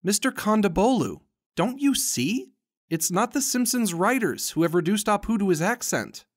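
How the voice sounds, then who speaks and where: A man's voice: sits high, expressive, moderate pace. A man narrating a comedic commentary voice-over, arguing in a sarcastic, mock-earnest way. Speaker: host and narrator.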